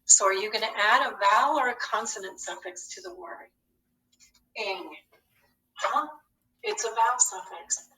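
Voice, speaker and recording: A woman teaches a children's phonics lesson at a slow, careful pace and spells each word out one letter at a time. Her voice is bright and clear. It is heard from a little way off in a room with noticeable echo. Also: fairly high pitch, expressive, far from the mic. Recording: echoey room, voice a bit off-mic.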